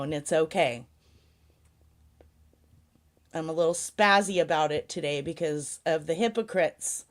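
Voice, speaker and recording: A woman hosting a casual live chat, ranting sarcastically, swearing often and laughing a lot. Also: on the low side. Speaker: livestream host.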